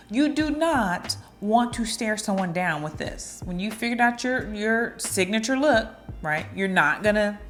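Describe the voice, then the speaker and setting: A woman vlogger giving dating advice in a chatty, playful way, now and then acting out little flirty lines. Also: mid-range voice. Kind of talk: casual advice talk to camera.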